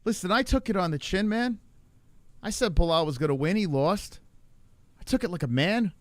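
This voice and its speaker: Ranting on a casual livestream, this man swears, jokes with chat, and mocks one chatter by putting on a voice. He speaks at a moderate pace in a high-pitched, expressive voice, captured in a dry recording.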